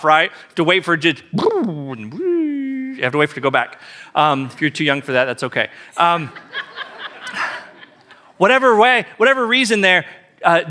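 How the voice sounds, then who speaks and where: A man's voice: high-pitched, sharp tone. A man preaching a sermon as pastor, telling the story emphatically and repeating key phrases.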